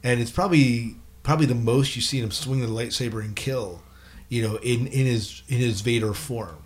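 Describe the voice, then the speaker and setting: A man's voice: mid-range voice, moderate pace. A man hosting a casual movie review podcast, thinking through arguments aloud. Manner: thoughtful, weighs arguments aloud. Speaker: podcast host.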